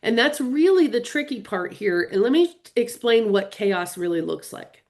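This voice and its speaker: A woman's voice: medium pitch, lively intonation, a little slow. Earnest middle-aged woman hosting a webinar. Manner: earnest and openly emotional, chatting with viewers. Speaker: real estate business coach hosting a webinar. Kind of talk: live webinar presentation.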